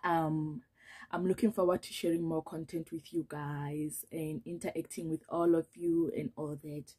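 A woman's voice: low voice, flat delivery, normal speed, dark tone, husky. A young woman from Africa, chatting nervously to camera as she introduces herself on her vlog. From South Africa. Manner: nervous, chatty, many fillers. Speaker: vlogger. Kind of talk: casual chat to camera.

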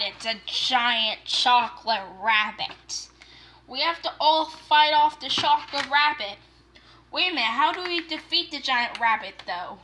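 A woman's voice: high-pitched, pushed and bright, a little hiss or hum. A woman narrating a homemade toy story play by play, playful and full of gasps.

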